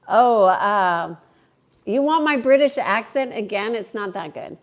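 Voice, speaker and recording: Speaking at a measured pace in an animated, mid-pitched voice, a woman hosts and coaches on a live stream. Friendly and chatty, she says hello to viewers by name and responds to what they ask.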